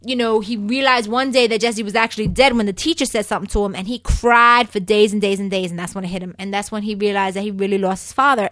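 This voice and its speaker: A woman's voice: medium pitch, steady tone, fast, few pauses, fairly bright tone, no echo. A chatty, opinionated woman who hosts a recap show and keeps addressing her listeners as "people.". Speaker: soap opera recap host. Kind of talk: casual chat.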